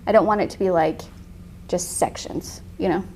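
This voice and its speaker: A woman in her thirties teaching a painting class, chatty and quick to laugh. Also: fairly low pitch, steady tone, warm tone, a little hiss or hum. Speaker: painting instructor. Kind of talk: casual tutorial.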